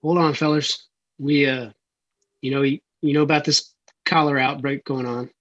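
A man playing a Western tabletop game, talking in a hesitant, halting way. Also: mid-range voice, steady tone, a bit bright, muffled recording. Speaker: player. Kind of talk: tabletop role-play.

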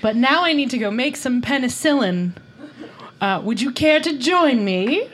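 A woman playing a brisk, flirty frontier doctor. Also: sits high, expressive, a bit bright, slight background noise, voice pushed up. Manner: casual, parodic reading with laughs.

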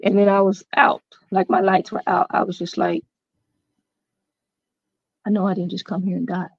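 A woman's voice: mid-range voice, level tone, moderate pace, creaky, no room sound. Woman telling a personal story, dry dull sound. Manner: recounts events with many fillers and quoted dialogue. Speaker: interview guest. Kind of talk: personal storytelling in a podcast interview.

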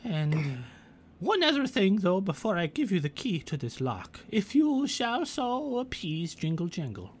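A performer putting on a prim, high goblin lady. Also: very animated, unhurried, darkish tone. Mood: haughty. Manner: grand, archaic phrasing with hesitant fillers. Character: fussy female goblin who hoards keys.

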